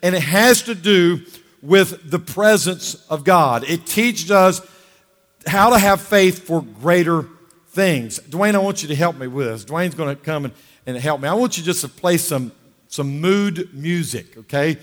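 A man preaching in a church sanctuary, charged up and exhorting his listeners. His voice sits a little high for a man, and it rings out in the long reverb of a large hall. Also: unhurried, fairly bright tone. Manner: fired-up, exhorting, calls for amens. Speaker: pastor. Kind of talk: sermon.

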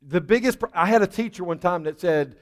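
A man's voice: sits high, fairly quick. A man preaching a sermon as pastor, folksy and conversational, building to fervent prayer. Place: church sanctuary. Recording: church hall reverb.

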